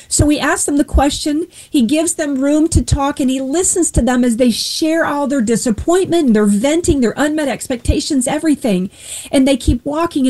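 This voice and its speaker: A woman giving an earnest Christian testimony, retelling a Bible story with lively quoted voices. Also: sits high, poor audio. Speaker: guest sharing faith testimony.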